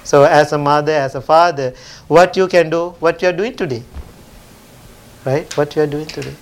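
A man teaching at a temple, telling a parable in a gentle storytelling sermon with simple phrasing. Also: a little high, normal speed, a little hiss or hum.

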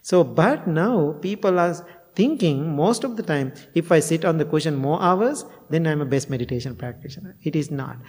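A man's voice: on the high side, lively intonation, normal speed, darkish tone, husky. A male Buddhist monk giving a dharma talk, telling stories in non-native phrasing and chuckling often. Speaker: Buddhist monk and meditation teacher. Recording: long hall reverb.

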